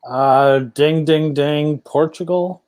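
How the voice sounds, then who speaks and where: A man joins a casual trivia chat, guessing slowly and at ease. He playfully buzzes in before each answer. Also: fairly high pitch, steady tone, a little mellow. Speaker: trivia player.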